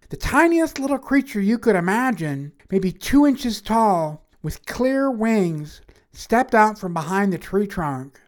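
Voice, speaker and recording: A woman reading a first-person fantasy story aloud in a wry, matter-of-fact way. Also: mid-range voice.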